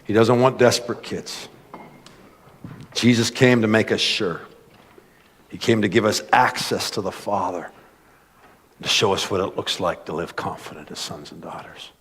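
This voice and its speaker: Man, pastor, animated storytelling sermon, lots of "like"s, long church-hall reverb. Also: fairly low pitch, normal speed, long pauses, slightly rough. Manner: animated storytelling, many "like"s, acts out voices.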